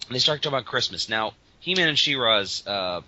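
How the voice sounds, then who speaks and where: A man's voice: medium pitch, lively intonation, fairly quick, pushed and bright. Male podcast co-host, exasperated ranter, lo-fi dull audio. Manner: exasperated, ranting storyteller. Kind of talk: casual comedic chat.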